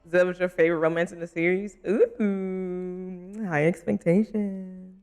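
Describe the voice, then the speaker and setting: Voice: medium pitch, fairly even intonation, measured pace, darkish tone, smooth. A young adult streamer in casual live stream chat while gaming, giggly, chatty and playfully teasing.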